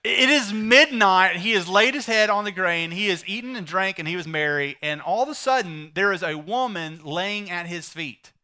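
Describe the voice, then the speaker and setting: A man preaching a sermon, retelling a story with animated voices for the characters. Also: high-pitched, moderate pace, hardly any pauses. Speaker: pastor.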